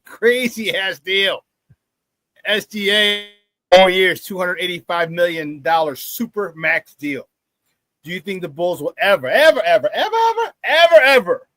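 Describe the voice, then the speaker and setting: Sports radio host, man, higher-pitched voice, dry close sound, animated and jokey. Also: dry recording. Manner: animated, joking, repeats words for emphasis. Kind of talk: casual sports talk.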